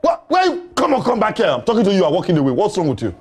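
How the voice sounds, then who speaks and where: A spoiled grown son with a Nigerian accent, yelling for his food in a high, strained voice. He is pushy and loud and talks over everyone. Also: huge pitch swings, racing. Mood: demanding. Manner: shouting, demanding.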